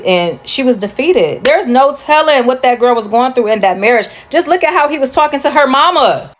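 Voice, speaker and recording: A woman speaking candidly and conversationally in a casual opinion video, with some swearing. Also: fairly high pitch.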